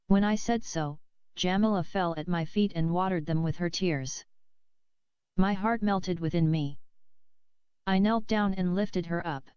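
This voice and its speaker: A woman reading a novel aloud in a measured, steady way, close to the mic, on a slightly dull lo-fi recording. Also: on the low side, smooth, dry recording. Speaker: audiobook reader.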